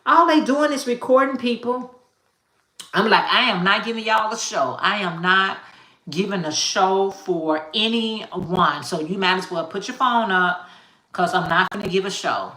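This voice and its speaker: A woman hosting a casual live chat, talking in an animated way, greeting viewers by name and laughing often. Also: medium pitch, measured pace, reverberant. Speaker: live stream host.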